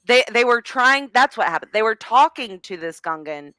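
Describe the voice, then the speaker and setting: A woman's voice: fairly high pitch, expressive, pushed and bright, clean tone, no echo. A woman co-hosting a fan podcast, chatting casually and taking her time to find her words. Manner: unhurried, searching for words. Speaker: podcast co-host.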